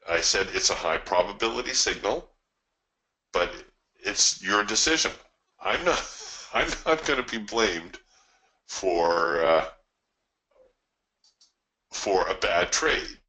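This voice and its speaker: A man's voice: low voice, pushed and bright, low-quality recording. A man coaching live trading, talking through his trades in a folksy way with chuckling asides.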